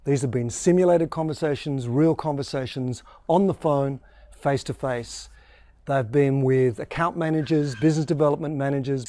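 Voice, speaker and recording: Male sales coach, mellow tone, dry close mic, demonstrates tones as he teaches. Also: a little high, no room sound. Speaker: sales trainer. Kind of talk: explaining a training course.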